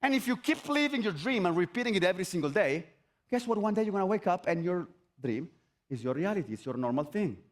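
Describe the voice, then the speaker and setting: A man giving an energetic motivational talk on an event stage. He repeats his phrases and asks the audience rhetorical questions. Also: high voice, fast talker. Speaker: motivational speaker.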